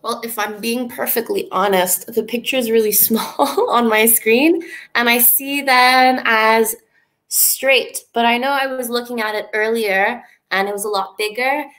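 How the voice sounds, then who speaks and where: A Canadian woman co-hosts a live online lesson in an easygoing, laughing manner. She speaks unhurriedly and deliberately, with a slightly high voice, thinking aloud as she goes. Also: steady tone, fairly bright tone. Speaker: English teacher co-hosting a livestream.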